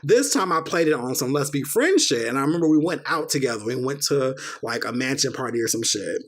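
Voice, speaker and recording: A young man hosting a podcast, telling a personal story in a casual, animated way, acting out quoted dialogue and swearing freely. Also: mid-range voice, a little fast. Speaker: podcast host.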